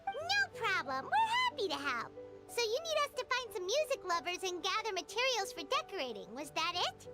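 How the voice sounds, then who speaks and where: Squeaky excitable fairy girl. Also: normal speed, exaggerated voice. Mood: cheeky, chirpy. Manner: talks about herself in third person, excitable. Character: tiny bubbly fairy companion girl, cheeky. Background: game music.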